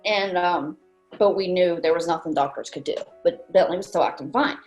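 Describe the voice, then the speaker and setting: A woman's voice: fairly low pitch, moderate pace, a little mellow. A woman from Maryland, a grieving mother, telling a personal story with many fillers and acted-out quotes. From Maryland, USA. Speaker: guest, bereaved mother. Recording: roomy echo, faint music.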